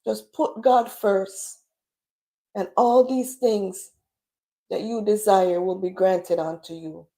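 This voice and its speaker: A woman's voice: medium pitch, fairly even intonation, slow, dark tone. A woman hosting a livestream, tearful and preaching as she pleads with her viewers. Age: adult with children. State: crying at times. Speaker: livestream host. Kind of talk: emotional livestream talk.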